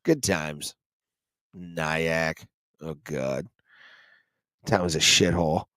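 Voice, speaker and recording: A man's voice: very deep voice, steady tone, drawn-out words, fairly bright tone, no room sound. A man co-hosting a podcast, a stand-up comic telling profane stories in casual chat and jumping into silly voices for quotes.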